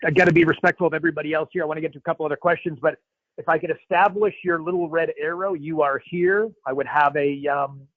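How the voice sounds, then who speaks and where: A fairly high-voiced man hosts a live coaching call over a thin, phone-like line with a dry sound. He talks in an upbeat, slangy way and calls his callers buddy and man. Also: dry recording.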